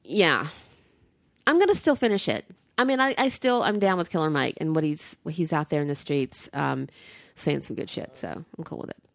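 A woman's voice: deep voice, expressive, normal speed, gravelly, no room sound, clean studio sound. A woman co-hosting a casual chat show, talking loosely with frequent fillers and laughs. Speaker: podcast co-host.

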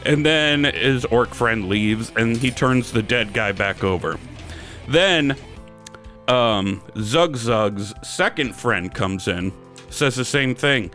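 Man, from Wisconsin, podcast co-host, crude joke-teller, casual chat, middle pitch, faint guitar music behind. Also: slow, fairly bright tone. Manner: crude joke-teller, slips into silly character voices.

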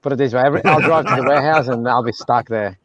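A man's voice: medium pitch, rapid-fire, background noise. A man, joking and rambling in a casual chat over whisky. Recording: dull dry sound.

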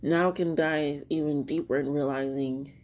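A woman's voice: low-pitched, steady tone, normal speed, a little mellow. A young woman hosting a solo podcast, talking candidly and rambling, laughing often and swearing casually. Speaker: podcast host.

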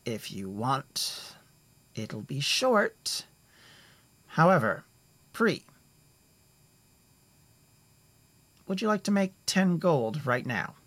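A man's voice: medium pitch, big pitch swings, measured pace. A man voicing a cocky male character who lazily offers bets of gold with a smug, challenging manner.

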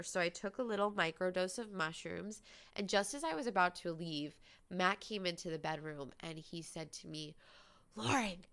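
A woman's voice: on the low side, fairly bright tone, smooth. A woman podcast host telling a personal story in a candid, conversational way, full of "like" fillers.

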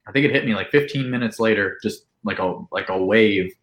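A man telling a long, animated party story in casual chat, with lots of "like" and acted-out quotes. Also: on the low side, fairly quick, roomy sound, dull audio. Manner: animated, full of "like", acts out quotes. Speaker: podcast guest.

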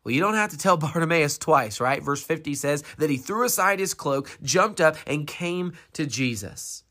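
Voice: medium pitch, lively intonation, moderate pace, bright, forceful tone. A preacher giving a sermon, retelling a Bible story with rhetorical questions and dramatic emphasis.

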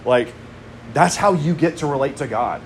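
A man in his thirties preaches in a relaxed, conversational way, mixing in casual asides. His voice sits a little higher than most men's. A faint air conditioning hum runs underneath. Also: moderate pace. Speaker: pastor. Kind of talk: sermon.

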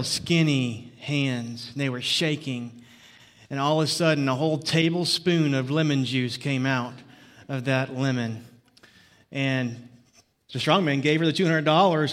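Preaching man, fairly high voice. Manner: jokey storytelling, then earnest preaching. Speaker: pastor. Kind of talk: sermon.

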